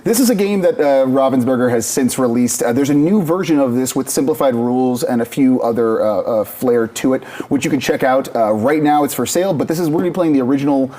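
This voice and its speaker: A man's voice: medium pitch, fast talker, few pauses, mellow. A man co-hosting a live game stream, chatting casually and playfully, rambling with lots of restarts. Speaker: co-host.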